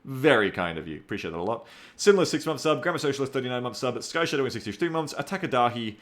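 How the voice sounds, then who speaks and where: A man's voice: medium pitch, expressive, quick pace, a bit bright. A man chatting casually on his live stream, rambling, joking at his own expense and reading viewer names aloud. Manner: rambling, self-mocking, reads chat aloud.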